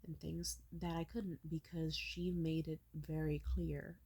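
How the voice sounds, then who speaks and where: Woman in her 20s, lowish voice, vlog rant, blunt and bitter with a lot of swearing. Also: slow pace, husky. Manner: wide pitch swings when animated. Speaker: vlogger. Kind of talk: storytelling rant.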